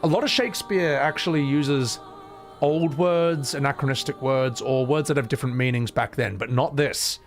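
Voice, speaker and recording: A man's voice: mid-range voice, normal speed, soft background music. A man chatting casually on a live stream, opinionated and sweary, with frequent asides.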